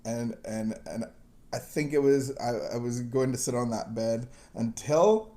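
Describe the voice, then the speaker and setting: Rambling, chuckling man with a mellow voice. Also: medium pitch, measured pace. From missionary kid raised partly in Southeast Asia. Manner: rambling and self-deprecating, with frequent restarts and chuckles. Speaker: recovery podcast host. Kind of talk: casual conversational storytelling.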